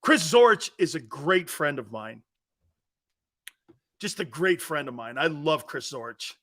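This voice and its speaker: Animated high-voiced sports talk host. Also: male voice, a little slow. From Connecticut. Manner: animated, laughing, acts out quoted voices. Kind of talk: loud storytelling on a sports talk show.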